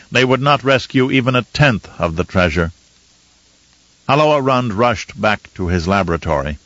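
A man narrating an audiobook in a measured, steady way. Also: lowish voice, no room sound, dull audio. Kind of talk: scripted narration.

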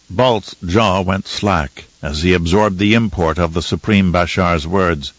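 A man narrating an audiobook in a measured, steady way. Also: deep voice, no room sound, dull audio. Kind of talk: scripted narration.

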